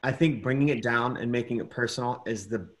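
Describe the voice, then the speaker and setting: Casting: mid-pitched man coaching actors, warm encouragement, thoughtful and unhurried. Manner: gentle, encouraging, searching for words. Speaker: masterclass teacher. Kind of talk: acting critique over video call. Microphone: video call.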